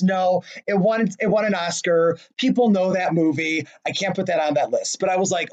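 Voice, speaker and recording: A man's voice: sits high, fairly even intonation, a little fast, few pauses. A man co-hosting a casual chat about his favorite movies, gushing and self-deprecating, often laughing at himself. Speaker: podcast co-host.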